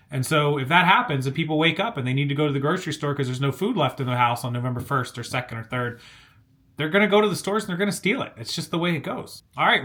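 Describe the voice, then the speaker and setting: Bright-toned man giving reaction commentary. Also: fairly high pitch. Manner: conversational, grimly serious. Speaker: commentary channel host.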